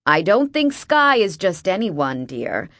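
A kindly older gentleman voiced by a woman. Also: fairly low pitch, big pitch swings, slow pace, no room sound, full character voice. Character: kindly aging male millionaire.

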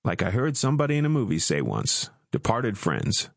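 A man's voice: lowish voice, wildly swooping pitch, moderate pace, vocal fry, no room sound, studio quality, pitched above the performer's own voice, heavily acted. A man voicing a wry, swaggering young army soldier in an audiobook, coarse and joking. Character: brash, crude young male army soldier. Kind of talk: audiobook character voice.

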